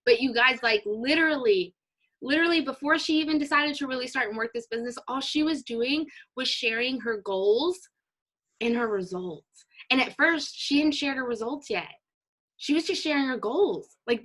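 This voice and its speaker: A woman's voice: sits high, animated, moderate pace, pushed and bright. Enthusiastic woman team leader. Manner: enthusiastic, affirming. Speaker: team leader hosting training. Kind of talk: casual encouraging chat.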